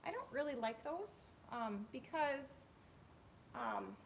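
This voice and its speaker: A young woman with a fairly high voice talks her viewers through a horse lesson, rambling and chatty as she works. She speaks from a riding arena into a camera set on a tripod. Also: very animated, takes it slowly, slight background noise. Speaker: horse trainer. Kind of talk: live-stream riding commentary.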